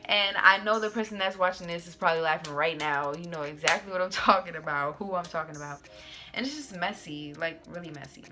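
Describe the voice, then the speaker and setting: A woman's voice: fairly low pitch, a little fast, over music. A young adult woman hosting her own channel, telling a casual storytime in a sassy, slangy way with plenty of "like"s. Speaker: YouTuber host.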